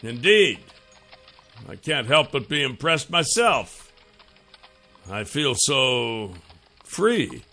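A man's voice: mid-range voice, sing-song, drawn-out words, long pauses, pushed and bright, faint music behind, exaggerated voice. A man voicing a confident male dragon in human form, speaking in a dry, teasing, self-assured way. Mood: wry.

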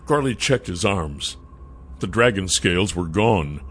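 Casting: male storyteller, lowish voice, dramatic read, soft music behind. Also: expressive, measured pace, breathy edge. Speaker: narrator. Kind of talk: audiobook narration.

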